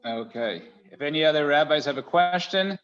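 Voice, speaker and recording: A man's voice: on the high side, expressive, moderate pace, a bit bright, highs cut off. A man hosting an online community event over a video call, thanking the guest and wrapping up in a formal way. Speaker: host. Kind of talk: closing remarks on a video call.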